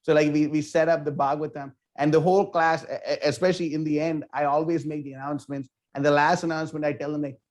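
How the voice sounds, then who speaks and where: A man with a slightly raised voice speaks in a relaxed interview. He tells his story eagerly and scatters fillers through every sentence. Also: a little high, quick pace. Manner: animated, filler-heavy, with many "like" and "you know". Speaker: temple book distribution leader.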